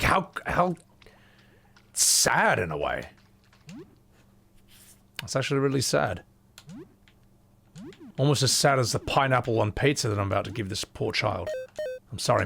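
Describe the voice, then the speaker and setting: A man with a medium-pitched, slightly bright voice and some vocal fry puts on an exaggerated Scottish accent. He's live-streaming a horror game, chatting casually with viewers, swearing freely and thanking chat.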